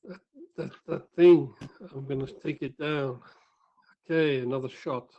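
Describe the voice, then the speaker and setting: A man's voice: mid-range voice, fairly even intonation, measured pace, mellow, lo-fi sound. A man playing a tabletop game, easygoing and checking the rules. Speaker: player. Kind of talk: casual game talk.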